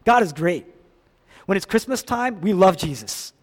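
A male pastor delivers a dramatic sermon in a high-pitched, animated voice. He swings between loud cries and hushed, low passages. The sound rings with the long reverb of a large hall. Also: moderate pace.

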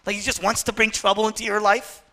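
A male pastor preaching an impassioned sermon, swinging between loud, urgent passages and hushed, quiet ones. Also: sits high, little pitch movement, fast talker.

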